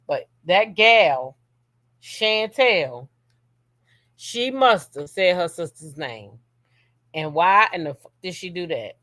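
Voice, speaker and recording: A woman's voice: on the low side, very animated, takes it slowly, bright, forceful tone, no echo. A woman hosting a casual gossip commentary show. She talks straight at her viewers, blunt and profane, and keeps checking in with "okay?". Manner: reads a long text message aloud.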